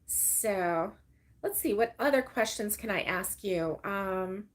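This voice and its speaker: A woman's voice: medium pitch, slow. An older woman, hosting a casual crochet livestream and rambling through stories with fillers and laughter. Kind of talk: casual chat to live viewers.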